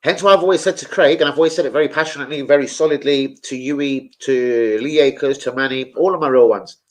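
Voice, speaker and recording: A man's voice: mid-range voice, fast. A young man chatting casually about football as a streamer, slangy and sweary.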